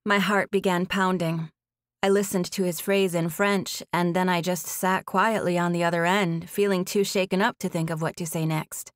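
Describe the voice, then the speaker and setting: A woman tells a story in the first person as an audiobook narrator, steady and intimate. Her voice sits fairly low. It is recorded close in a dry booth with no room sound. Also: moderate pace, no room sound.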